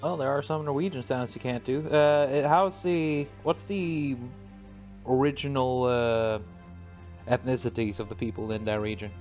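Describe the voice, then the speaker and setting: A man's voice: medium pitch, a little slow, a little mellow, soft background music. Give me an easygoing man host asking curious questions over a dull mic. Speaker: podcast host. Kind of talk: casual chat.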